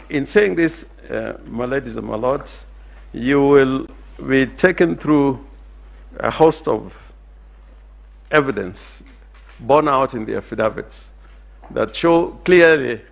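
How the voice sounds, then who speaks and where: A Kenyan-accented man addresses the judges in a formal courtroom submission, speaking with deliberate emphasis and occasional hesitant restarts. His delivery is very slow and measured. His voice carries a gravelly edge. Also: medium pitch, a bit bright. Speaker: lawyer.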